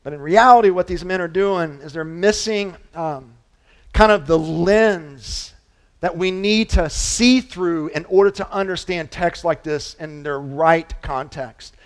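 High-voiced animated male preacher. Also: a little slow. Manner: conversational, animated preaching with restarts and asides; swings from loud emphasis to quiet low delivery. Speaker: pastor. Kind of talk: sermon.

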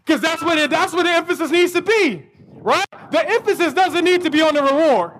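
A man preaching a sermon as pastor, emphatic and building to near shouts, often repeating words as he restarts. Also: extremely high pitch, brisk, slight background noise.

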